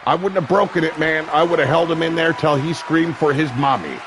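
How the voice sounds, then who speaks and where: A man calling a wrestling match play-by-play, brash and crude, with sudden shouted bursts of excitement. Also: on the high side, a little fast, a crowd in the background, noisy background. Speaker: wrestling commentator. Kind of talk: play-by-play commentary. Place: seated at a ringside commentary table.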